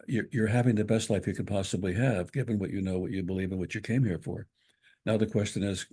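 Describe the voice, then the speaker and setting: Male co-host, mellow husky voice, measured storyteller prone to restarts. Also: fairly low pitch. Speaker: spiritual talk co-host. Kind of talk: reflective spiritual talk.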